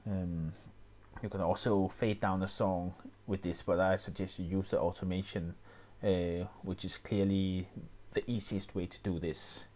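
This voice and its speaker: A man explaining music software step by step, often pausing with fillers and restarting his sentences. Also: low-pitched, level tone. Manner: hesitant, many fillers and restarts. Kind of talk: screen-recorded tutorial.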